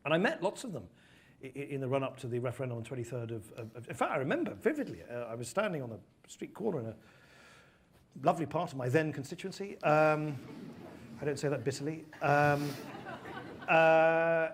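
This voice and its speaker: Speaking British English in a slightly high, slightly rough voice, this middle-aged UK man talks fairly quickly and with animation. As a guest speaker and former politician, he answers interview questions earnestly and tells vivid stories.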